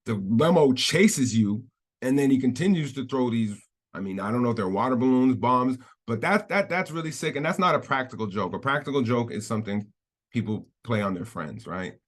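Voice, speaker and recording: A man's voice: mid-range voice, lively intonation, fairly quick. Indignant male video commentator. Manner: indignant, talking things through. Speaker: YouTube commentator.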